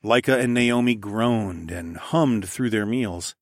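A man narrating a first-person audiobook in a steady, even storytelling manner. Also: lowish voice, slow, no echo, studio quality.

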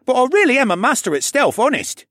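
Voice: a cocky orphan boy thief in a storybook reading. The pitch is pushed way up and leaps around as he brags and snaps. Dry, close sound. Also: very animated, fairly bright tone, dry recording, heavily acted. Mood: boastful. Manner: cocky, quick to snap. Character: boy thief, brash and boastful. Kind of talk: audiobook character voice.

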